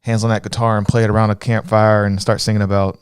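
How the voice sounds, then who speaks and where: A man with a light Texan accent co-hosting a casual livestream chat, joking and telling animated stories. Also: lowish voice, fast, smooth, no room sound, studio quality. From Texas. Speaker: livestream co-host.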